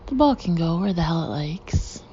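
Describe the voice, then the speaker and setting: A woman's voice: deep voice, lively intonation, moderate pace, warm tone, muffled recording, a little hiss or hum. A woman reading the part of a chatty, self-mocking divorced woman. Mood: rueful.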